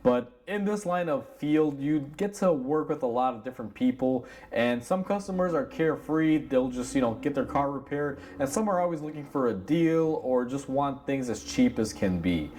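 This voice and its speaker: Plainspoken mechanic telling a shop story. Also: male voice, mid-range voice, animated, moderate pace, hardly any pauses, darkish tone, a little hiss or hum. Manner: candid, conversational, acts out both sides of a dialogue; many fillers like "you know" and "like". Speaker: auto mechanic, shop owner. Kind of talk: casual storytelling to camera.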